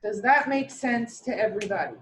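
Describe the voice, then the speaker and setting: A woman teaching a classroom lecture, lively, asking her students questions and answering them herself. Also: medium pitch, a little fast, a little hiss or hum, rough recording.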